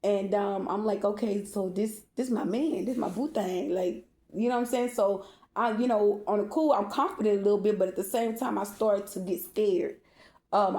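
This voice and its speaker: A woman speaking tells a raw personal story to her viewers, candid and often profane. Her voice is mellow and relaxed rather than bright. The room around her carries a noticeable echo. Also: mid-range voice. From Baltimore.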